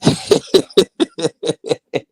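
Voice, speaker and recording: A man's voice: drawn-out words, dry recording. A man hosting a casual live talk stream, laid-back and slangy, often mocking others by acting out what they say. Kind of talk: casual chat.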